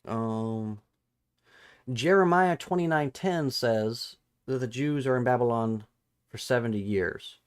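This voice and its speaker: A man hosting a live-streamed Bible study, thinking out loud, correcting himself mid-sentence and reading scripture aloud while he looks up verses. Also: medium pitch, clear, resonant tone. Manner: halting and self-correcting, restarts numbers while looking up verses; reads scripture and viewer chat aloud.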